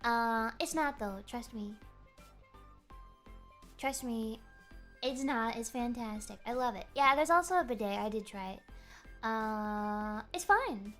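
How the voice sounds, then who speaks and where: A young woman streaming, telling a rambling story in a giggly, animated way. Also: a little high, slow, pauses often, faint music behind. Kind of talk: casual chat. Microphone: streaming microphone.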